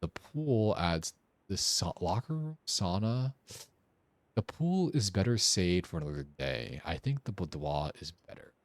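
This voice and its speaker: A man's voice: deep voice, very animated, a little slow, no echo. A young man streaming a puzzle game, thinking aloud as he works through its clues. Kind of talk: casual gameplay commentary.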